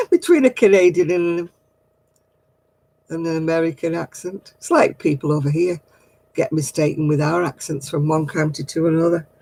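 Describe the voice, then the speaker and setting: A husky-voiced woman in her fifties hosts a relaxed craft stream. She chats freely with her viewers, full of laughs and homely exclamations. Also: deep voice, normal speed, poor audio. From northern England. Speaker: craft livestream host. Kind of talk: casual chat with viewers.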